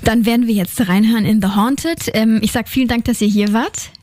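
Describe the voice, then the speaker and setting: A woman's voice: fairly high pitch, brisk, a little mellow. A German woman hosting a radio interview, playful and teasing with her guests. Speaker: radio host. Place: radio studio.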